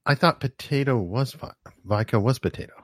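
A man's voice: mid-range voice, fairly quick, no echo, clean studio sound. A middle-aged man in casual podcast chat, self-deprecating and telling stories. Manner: self-deprecating, lively storyteller.

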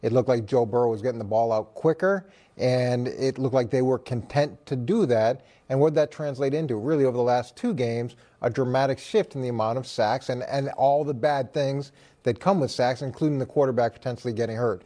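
A man on a sports talk show who analyzes football in a measured, explanatory way. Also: mid-range voice, mellow.

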